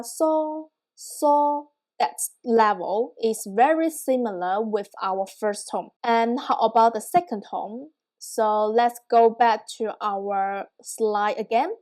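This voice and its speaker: Slow, patient woman teaching tones. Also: fairly high pitch, a little mellow. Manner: slow, patient, checks in with "yeah?". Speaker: Mandarin teacher. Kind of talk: online language lesson.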